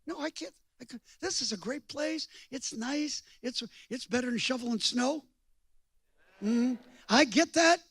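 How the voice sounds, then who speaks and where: An older man preaching a storytelling sermon in a folksy, joking way, swinging from hushed asides to loud bursts. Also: very high voice, measured pace, slightly rough, dry recording, studio quality. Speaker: guest preacher.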